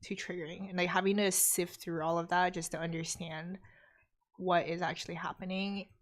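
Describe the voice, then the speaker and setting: A woman's voice: lowish voice, little pitch movement, normal speed. A young woman with a North American accent, hosting a live study stream and chatting casually while she reads viewer comments, laughing often. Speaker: study stream host reading chat.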